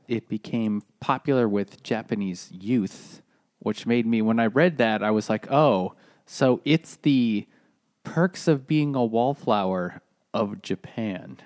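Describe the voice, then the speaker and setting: A fairly low-voiced man co-hosts a casual chat over beers. He recaps in a chatty way, often restarting his sentences and stumbling over words. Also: unhurried, a little mellow. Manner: summarizing, chatty, hesitant restarts. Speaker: podcast co-host.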